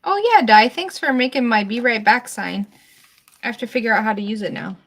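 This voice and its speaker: A woman's voice: a little high, lively intonation, fairly quick, a bit bright. Woman, livestream host, casual chat, playful, laughs a lot.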